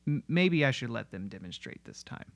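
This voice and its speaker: A man giving scripted narration that explains music in an analytical, steady way. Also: mid-range voice, normal speed, creaky. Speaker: music video essayist.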